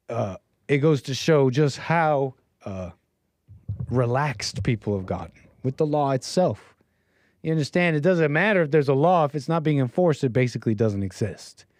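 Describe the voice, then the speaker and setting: A man's voice: on the high side, darkish tone, dry recording. A man hosting a livestream, giving opinionated, mocking political commentary. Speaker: livestream host.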